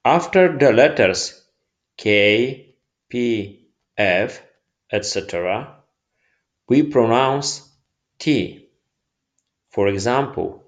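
A man teaching pronunciation, saying each word on its own with slow, careful articulation. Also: mid-range voice, expressive. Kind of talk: pronunciation lesson.

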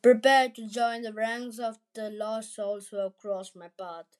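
A woman's voice: on the high side, steady tone, a little slow, close to an everyday voice. A woman voicing a menacing undead ghoul king who hisses his threats in a storybook tale. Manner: hissing, threatening.

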